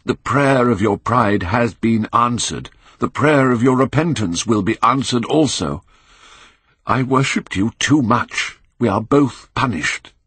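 A man's voice: medium pitch, animated, a little slow, a bit bright, slightly rough, no echo, voice pushed up, exaggerated voice. A man reading an anguished middle-aged male painter in an audiobook, pleading and aghast, rising to cries.

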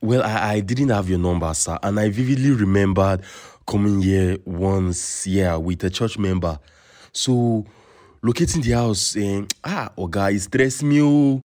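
A Nigerian man playing an excitable, flustered uncle searching for his lost nephew, switching between pidgin and English. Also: fairly low pitch, measured pace, natural voice. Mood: anxious. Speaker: comic skit actor. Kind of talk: comedy skit acting. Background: music.

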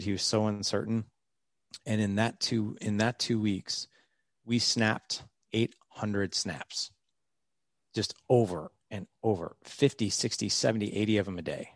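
A man's voice: on the low side, vocal fry, dry recording, studio quality. A man in his forties, a podcast guest, talking earnestly and rambling a little, with many fillers and restarts. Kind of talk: candid interview storytelling.

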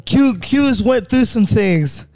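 A man's voice: extremely high pitch, animated, slow pace, warm tone, no echo, soft background music. A man hosting a barbershop podcast, telling stories loosely and swearing now and then. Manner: loose storytelling, swears, laughs. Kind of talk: casual chat.

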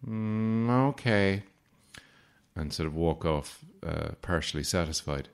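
Man, low voice, wry, sarcastic, casual podcast storytelling. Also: level tone, normal speed, creaky. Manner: wry, sarcastic anecdotes with mock-formal asides. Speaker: podcast host.

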